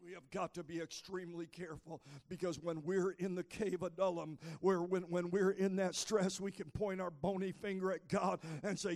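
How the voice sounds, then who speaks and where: High, gravelly preaching pastor. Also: male voice, level tone, normal speed, hardly any pauses. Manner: preaching with rising intensity, frequent "uh" fillers, shouted exhortation. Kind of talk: sermon. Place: church sanctuary.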